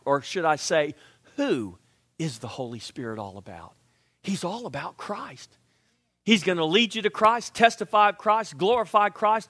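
A man preaching a sermon, animated and emphatic, sometimes dropping to a hush. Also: high-pitched, no echo, clean studio sound. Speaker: pastor.

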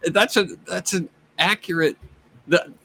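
A man's voice: high voice, unhurried, gravelly, bright, forceful tone. A man co-hosting a casual chat on a video call, with dry, teasing comments. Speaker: podcast co-host.

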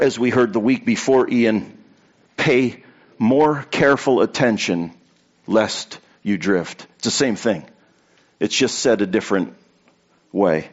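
A man's voice: mid-range voice, dull audio. A man preaching a sermon to a congregation in a conversational way, telling anecdotes and repeating key points for emphasis. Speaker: pastor.

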